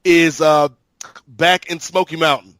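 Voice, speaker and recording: A man with a slightly raised pitch co-hosts a podcast and tells his stories at an even, measured pace. He often doubles up on words as he works out his point. The recording is dry and close to the mic. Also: no echo. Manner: measured, storytelling, repeats words while thinking. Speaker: podcast co-host. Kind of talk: casual chat.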